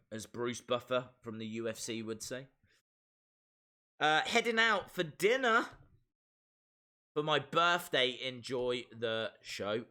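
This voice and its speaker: Man, live stream host, casual chat, slow pace, bright voice, repeats himself. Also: mid-range voice, lively intonation. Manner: chatty, reads viewer comments aloud, repeats phrases.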